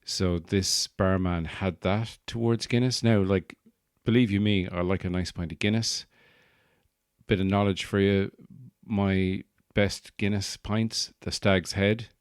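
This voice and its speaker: A man's voice: low voice, steady tone, measured pace, clean tone, no room sound, clean studio sound. An Irish man hosting a podcast, rambling through a jokey comic monologue and slipping into put-on accents. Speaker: podcast host and stand-up comedian. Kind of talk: casual comedic monologue.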